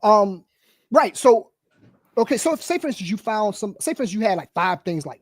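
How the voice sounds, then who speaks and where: Fast-talking rambling podcast guy. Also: high-pitched, no echo, studio quality. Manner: rambling, animated, lots of filler and bro. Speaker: podcast co-host. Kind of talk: casual chat.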